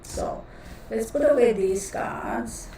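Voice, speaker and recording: A woman's voice: on the high side, slow pace, dark tone. A chatty woman runs a casual live stream and rambles to her viewers, calling them y'all. Her voice bounces around a heavily echoing room and sits well back from the microphone. A faint hiss runs underneath. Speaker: tarot reader hosting a live stream. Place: cluttered home room she works from. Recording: echoey room, voice distant from mic, faint noise.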